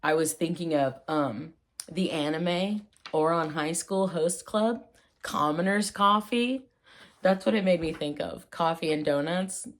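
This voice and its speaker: A playful woman chats through a casual vlog, rambling and cracking jokes as she goes. She takes her time, and her voice sits a little low. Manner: playful, rambling, jokey asides, quick tangents. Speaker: vlogger explaining old slang. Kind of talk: casual chat.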